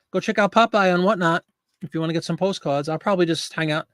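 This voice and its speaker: A man's voice: sits high, quick pace, a bit bright, no room sound, studio quality. A man in his fifties hosting a live listing stream, chatting casually, joking and talking to viewers in chat.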